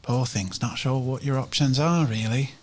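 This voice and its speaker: A man voicing a brisk, sharp-tongued middle-aged woman shopkeeper. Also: mid-range voice, lightly acted. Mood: sympathetic. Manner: brisk, scolding.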